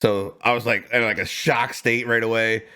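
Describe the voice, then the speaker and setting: A young man hosting a podcast, telling stories in an animated, slangy way. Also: medium pitch, moderate pace, clean tone. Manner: animated storyteller, slangy, laughs a lot. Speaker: podcast host. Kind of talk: casual podcast chat.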